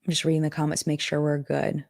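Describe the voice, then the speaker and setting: A woman's voice: low voice, completely flat delivery, quick pace, gravelly, a little mellow. A woman hosting a casual live stream, thinking aloud as she reads viewer comments and contract text. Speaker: host of a live chat stream. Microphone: streaming setup.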